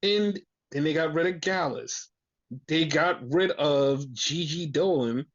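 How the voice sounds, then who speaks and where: A man with a high, light voice rants on a podcast, swearing often and sounding exasperated. The audio is muffled and lo-fi. He talks in loose, casual chat. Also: takes it slowly. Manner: profane, exasperated ranting. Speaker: podcast host. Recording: dull lo-fi audio.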